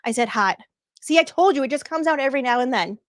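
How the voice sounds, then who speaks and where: A woman with a Boston accent hosts a casual livestream, talking rapid-fire in a high voice. Bubbly and effusive, she thanks viewers and laughs often. The audio is studio quality with no echo.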